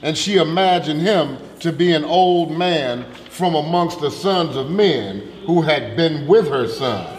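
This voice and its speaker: Slow man reading scripture in a roomy hall. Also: fairly high pitch. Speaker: scripture reader. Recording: roomy hall echo, faint background noise.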